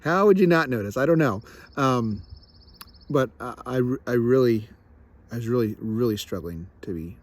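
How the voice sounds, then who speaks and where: A man's voice: medium pitch, darkish tone. A young man reflecting candidly in a personal vlog, self-deprecating, often restarting and repeating himself. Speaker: vlogger.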